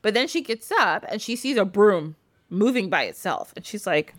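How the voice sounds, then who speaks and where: An animated woman from the United States retells a folk tale in a casual, chatty way, laughing often and leaning on fillers. Her pitch is typical for a woman. The sound is dry and close. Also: normal speed, no echo. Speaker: podcast guest, folk practitioner. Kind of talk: casual storytelling.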